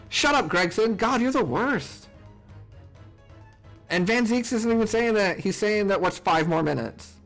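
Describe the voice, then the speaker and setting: A man streaming a game live, reacting in an excitable, chatty way. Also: high-pitched, measured pace. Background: game music.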